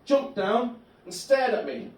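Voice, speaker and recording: A man doing a stand-up comedy set in a club, telling absurd stories deadpan. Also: very high-pitched, unhurried. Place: comedy club bar room. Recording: echoey club room from a distant mic.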